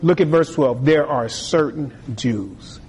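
A man preaching a sermon with a husky voice, lively and acting out other people's voices. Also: fairly high pitch, slow pace. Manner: animated, acts out voices of tempters and the king. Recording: long hall reverb.

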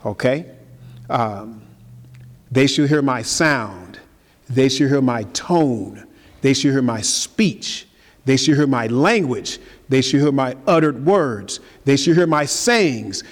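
A man preaching a sermon, firing rhetorical questions at the congregation and swinging between loud high emphasis and low quiet asides. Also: lively intonation, slow pace. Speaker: pastor. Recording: long reverb of a large hall.

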